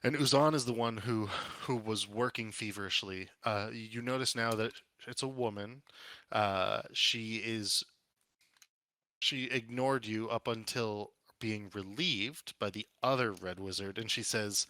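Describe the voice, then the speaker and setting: Bright-voiced male game master. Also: lowish voice, no echo. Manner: halting, with fillers and restarts. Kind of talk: narrating a tabletop game.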